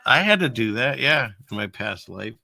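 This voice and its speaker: A show host gives casual commentary on video clips, rambling wryly and talking to his chat. His medium-pitched voice swings widely in pitch at a moderate pace, bright and forceful with vocal fry.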